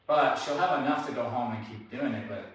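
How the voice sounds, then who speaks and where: A man's voice: mid-range voice, a little fast. Man dog trainer in a very echoey room. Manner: relaxed, explanatory, conversational. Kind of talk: hands-on training demonstration. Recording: very echoey room, distant mic, faint noise.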